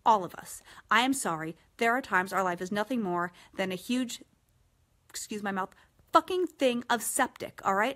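A woman in her forties hosting a casual live-stream chat, talking frankly and swearing freely with lively energy. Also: medium pitch, normal speed. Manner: frank and profane, animated. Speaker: host.

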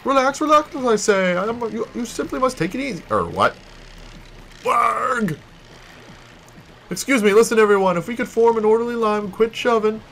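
A man's voice: extremely high pitch, sing-song, normal speed, vocal fry, sharp tone, slight background noise, voice pushed up, full character voice. A man putting on a pompous boastful merchant. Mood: flustered. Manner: grandiose, flowery, self-important delivery. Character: pompous boastful male merchant, theatrical and vain. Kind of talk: let's play, reading game dialogue aloud.

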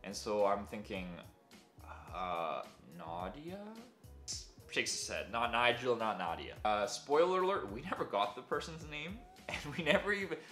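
A man's voice: on the low side, animated, moderate pace, bright, forceful tone. A young man telling a story in a casual, self-deprecating way, with many fillers. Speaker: vlogger. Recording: echoey room with faint music.

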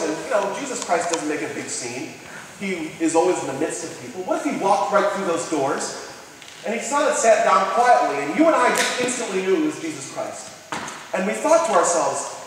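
A man's voice: sits high, a little hiss or hum. A man preaching a sermon, telling stories, asking the congregation questions and acting out the people he quotes. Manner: storytelling, asks the audience questions, acts out quoted people. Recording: distant mic in an echoey hall.

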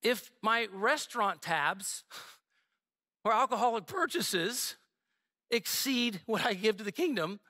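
A man preaches from the pulpit with a very high, bright voice. He talks in a loose, conversational way, cracking jokes and slipping in asides to his church. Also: lively intonation, slow. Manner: conversational and joking, with frequent asides. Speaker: pastor. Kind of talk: sermon. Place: church sanctuary.

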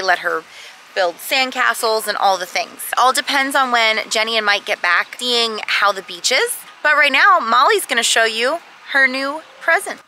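A woman's voice: fairly high pitch, sharp tone, slight background noise, low-quality recording. A woman in her thirties, a mother chatting to the camera in a casual family travel vlog about the day's plans. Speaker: vlogger, mother. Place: beach camping by a bus.

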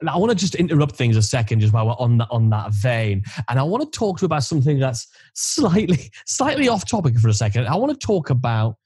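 A man's voice: medium pitch, very animated, quick pace, hardly any pauses, darkish tone, husky, dry recording. A man hosting a podcast interview, chatty and playful as he asks questions. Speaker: podcast host. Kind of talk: casual interview chat.

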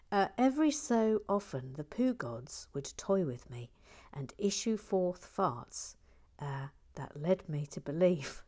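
A woman hosting a casual livestream, reading viewer comments in a playful, chatty way and dropping into quiet muttered asides. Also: fairly low pitch. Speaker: livestream host building a toy set.

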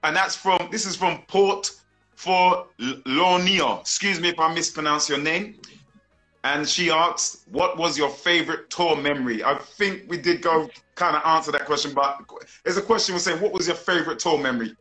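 A man hosts over a video call, enthusiastic and slangy, heaping praise on his guest. His fairly high, bright voice rings in an echoey room, with faint music behind. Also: moderate pace. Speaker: interview host. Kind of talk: casual interview over a live stream.

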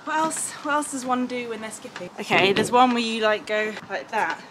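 A woman in her thirties chatting excitedly to her camera at home, her talk full of "like" fillers. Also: on the high side, fairly quick. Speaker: lifestyle vlogger. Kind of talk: casual vlog chat to camera. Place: home, kitchen and upstairs rooms. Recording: roomy home audio with background noise.

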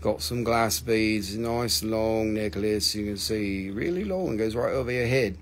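A man hosts a live stream selling rocks, rambling and joking in casual sales chat, often forgetting names, swearing lightly and using lots of filler. His voice is lowish at a measured pace, with slight background noise.

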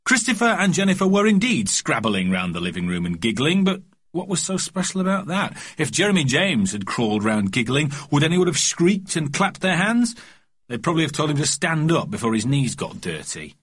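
A man narrating a children's storybook in a lively, expressive reading. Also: mid-range voice, normal speed, breathy edge. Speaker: audiobook narrator.

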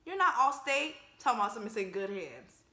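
A young woman giving casual, joking movie commentary in an emphatic, animated way. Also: on the high side, a little fast, roomy sound, over music. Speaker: vlogger reacting to a film.

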